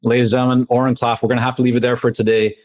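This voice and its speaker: A man hosting a podcast interview, speaking in a measured, affirming way. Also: medium pitch, little pitch movement, darkish tone, no room sound. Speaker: podcast host. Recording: dull, dry lo-fi sound.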